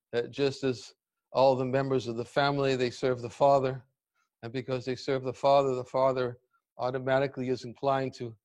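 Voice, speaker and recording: A man teaching a devotional scripture class, speaking deliberately and pausing to search for words. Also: mid-range voice, a little mellow. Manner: deliberate, searching for words, reading commentary aloud. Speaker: spiritual teacher giving a class.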